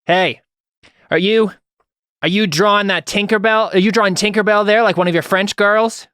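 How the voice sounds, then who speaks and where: A man's voice: sits high, steady tone, normal speed, bright, forceful tone, clean tone, no echo, studio quality, voice pushed up. A man voicing a snooty young nobleman at a dice game in a tabletop role-play, with a pompous, sneering manner. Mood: mocking.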